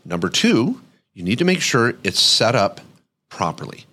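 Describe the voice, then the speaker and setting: Male podcast host, middle-aged, animated storyteller with a very lively pitch. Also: normal speed. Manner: lively, acts out voices in anecdotes.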